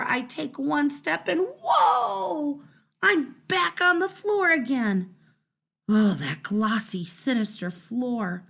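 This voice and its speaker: A woman reading a children's storybook aloud in the first person, telling it in an expressive, dramatic way. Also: on the high side, creaky. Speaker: storybook narrator.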